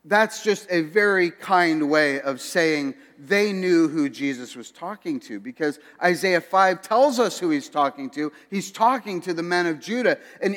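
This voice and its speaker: A man's voice: sits high, a bit bright. Man preaching in a reverberant church. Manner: conversational preaching with asides to the congregation. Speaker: pastor. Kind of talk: sermon. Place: church sanctuary. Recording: long hall reverb.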